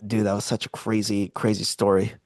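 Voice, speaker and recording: Animated middle-aged man telling stories. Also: fairly low pitch, a little fast, no echo. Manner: animated storyteller, acts out voices in quotes. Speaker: podcast co-host. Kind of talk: casual storytelling chat.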